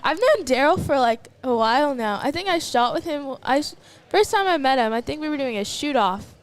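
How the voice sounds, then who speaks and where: A woman's voice: high voice, animated, fairly quick. A teenage girl with a Texan accent co-hosting a live archery stream, rambling through stories with giggles. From Texas. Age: teens. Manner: chatty, rambling storytelling with giggles. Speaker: livestream co-host. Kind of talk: casual live commentary chat.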